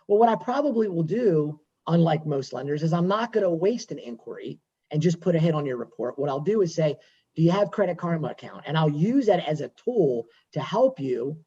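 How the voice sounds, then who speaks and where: Man, mortgage lender, husky voice, chatty and repetitive, video call, muffled audio. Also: on the high side, lively intonation, fairly quick, mellow. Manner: conversational, digressive, repeats himself. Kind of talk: workshop talk on a video call.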